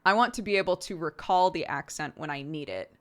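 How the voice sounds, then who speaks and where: A woman's voice: on the low side, brisk. A young woman from Oregon with a General American accent, chatting casually with viewers as a streamer and checking in with "right?" as she explains. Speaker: streamer host.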